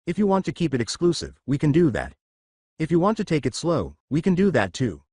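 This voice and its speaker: A confident teenage girl who teases bluntly, voiced by a male narrator. The delivery swings up and down in pitch, and the recording is close and dry. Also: wildly swooping pitch, brisk, a little mellow, dry recording. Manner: teasing, blunt. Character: confident teenage girl hero student, teasing.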